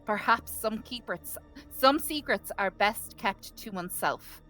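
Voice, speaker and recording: A woman's voice: mid-range voice, measured pace, soft background music, poor audio. A woman reading her character's adventure journal aloud to a tabletop group. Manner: nervous at first, then steady reading.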